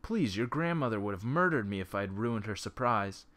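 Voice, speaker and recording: A man's voice: on the low side, expressive, moderate pace, a bit bright. Man reading as a teasing geeky young woman.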